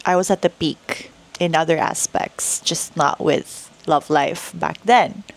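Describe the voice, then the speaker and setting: A woman's voice: low voice, takes it slowly, gravelly. A young woman with a Filipino accent, hosting a podcast and telling a personal story in an earnest, emotional, reflective way. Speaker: podcast host.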